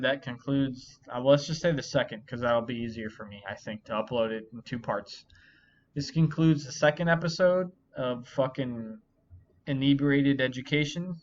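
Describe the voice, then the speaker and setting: A man's voice: medium pitch, a little hiss or hum. A drunk man hosting a solo vlog, rambling and swearing constantly, frustrated and self-pitying. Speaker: channel host. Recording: dull lo-fi recording.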